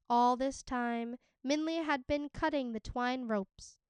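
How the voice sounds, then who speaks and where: A woman teacher reading a children's novel aloud, with slow and deliberate narration into a close mic. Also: high-pitched, steady tone, clean tone, no room sound. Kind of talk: audiobook read-aloud narration.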